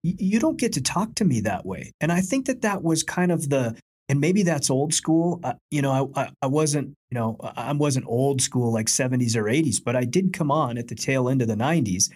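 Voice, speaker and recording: A man's voice: medium pitch, expressive, darkish tone, slightly rough. A man who was once a police officer, talking reflectively in a casual chat, often restarting his sentences. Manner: reflective, halting, repeats his words.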